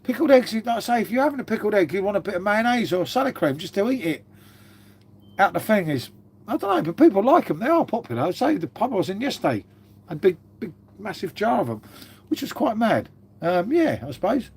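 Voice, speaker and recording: High-pitched, sing-song and brisk with a breathy edge, this middle-aged English host chats matily with his livestream viewers. He reads out their comments and uses "mate" constantly.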